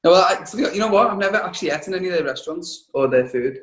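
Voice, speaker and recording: A man's voice: high voice, expressive, a bit bright. A man who is a chef, chatting on a video call in a jokey, teasing way and laughing often. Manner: jokey and teasing, laughs a lot, talks in quick bursts. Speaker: chef and restaurant owner. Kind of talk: casual interview over a video call. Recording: roomy video-call audio.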